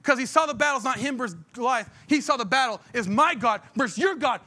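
A man's voice: very high voice, lively intonation, fast talker, pushed and bright. A middle-aged male pastor preaching a sermon in a fiery, emphatic way, blunt and folksy, throwing out rhetorical questions to the congregation.

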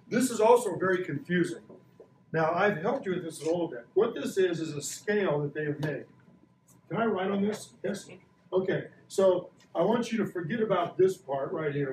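A man's voice: fairly high pitch, a little mellow, slight background noise. A man in his sixties teaching a science lesson to a class, playful and quizzing the kids. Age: 60s. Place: school classroom. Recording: echoey classroom from far off.

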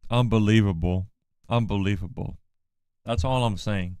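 Joking male streamer with a smooth, resonant voice and a dry, close sound. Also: fairly low pitch, unhurried, no room sound. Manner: joking, teasing banter. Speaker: livestreamer. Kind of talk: casual livestream chat.

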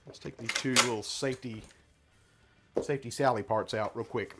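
A man's voice: mid-range voice, fairly even intonation, moderate pace, heavy background noise. Chatty man demonstrating gear. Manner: chatty, thinks aloud while handling the gear. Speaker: gear reviewer. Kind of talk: casual hands-on product demonstration.

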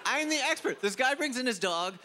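A man doing stand-up comedy on a club stage into a handheld mic, telling stories in an exasperated, lively way. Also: extremely high pitch, a little fast. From Africa. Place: comedy club stage before a live audience. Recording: live club set with loud audience and noise.

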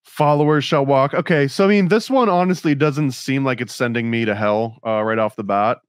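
A man's voice: mid-range voice, normal speed, smooth, dry recording. A man hosting a podcast in a loose, easygoing way, laughing often and talking with plenty of fillers. His voice sits in a middle range. The sound is close and dry, with no room around it. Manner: laid-back, laughs often, lots of fillers. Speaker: podcast host. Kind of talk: casual podcast chat.

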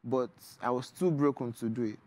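A man's voice: medium pitch, moderate pace, darkish tone. A man with a Nigerian English accent, a poet and author speaking as a guest in a TV studio interview. He talks in an earnest, reflective way, with many fillers. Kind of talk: studio interview, reading his poetry.

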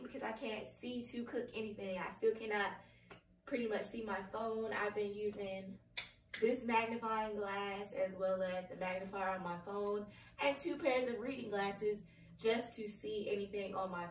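Hoarse woman, cracking voice, rambling candid update, many ums, roomy echo, distant mic. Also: medium pitch, steady tone, moderate pace, a little hiss or hum. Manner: rambling, apologetic, with frequent ums. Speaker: vlogger. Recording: roomy, distant from the mic, faint room ambience.

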